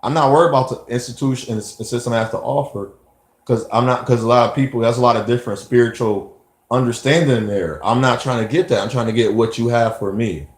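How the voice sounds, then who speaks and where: A man's voice: mid-range voice, steady tone, fast talker. Rambling preachy man in an echoey room. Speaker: vlogger giving life advice. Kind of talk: motivational monologue.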